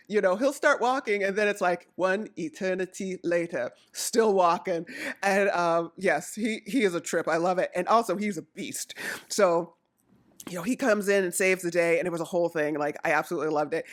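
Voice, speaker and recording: A woman from Jamaica chatting casually about wrestling, rambling and excitable as she jumps from topic to topic. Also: mid-range voice, normal speed. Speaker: wrestling recap vlogger. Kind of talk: casual chat.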